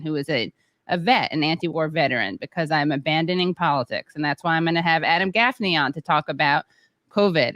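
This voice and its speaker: A woman hosting a livestream over a video call, chatty and self-deprecating with quick asides. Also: lowish voice, pushed and bright, no room sound. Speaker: host.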